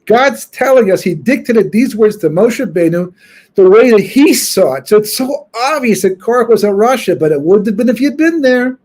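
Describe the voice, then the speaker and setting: Guy w a slightly high husky voice giving a relaxed torah class, kinda talks it out as he goes. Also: normal speed. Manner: informal storytelling, thinking aloud with frequent restarts. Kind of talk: conversational Torah lecture.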